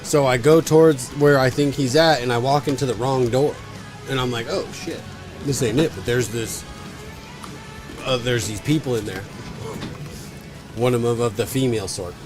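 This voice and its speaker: A man's voice: mid-range voice, normal speed, long pauses, music in the background. Rambling, profane man telling a story. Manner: rambling, profane, punchy delivery. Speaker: podcast co-host. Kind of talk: casual storytelling.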